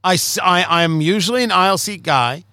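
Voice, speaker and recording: A man with a high, bouncy voice hosts a podcast. He talks in a jokey, self-mocking way and likes to make fun of himself. The sound is bright and dry, close to the mic. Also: normal speed, dry recording. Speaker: podcast co-host. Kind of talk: casual banter.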